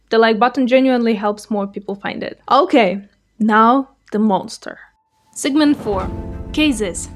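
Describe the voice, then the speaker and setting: A young woman with a Russian accent presents a scripted language lesson with a playful touch. Her voice sits a little high. She spells things out slowly and clearly. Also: darkish tone. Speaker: language teacher.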